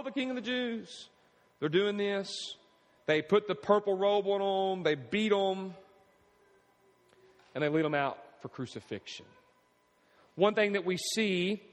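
A man's voice: sits high, in a large hall. A man preaching a sermon as pastor, using emphatic repetition and rhetorical questions to the congregation.

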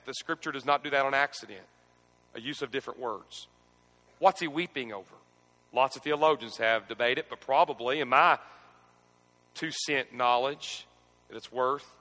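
A man preaching a sermon, asking the congregation to repeat scripture with him and moving between quiet reflection and emphatic questioning. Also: mid-range voice, in a large hall. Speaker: pastor. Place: church.

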